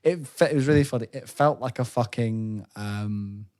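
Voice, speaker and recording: A man on a podcast, recounting a game weekend in casual chat, lively and laughing often. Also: medium pitch, moderate pace. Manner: animated storyteller, breaks into laughter and silly voices. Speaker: podcast co-host.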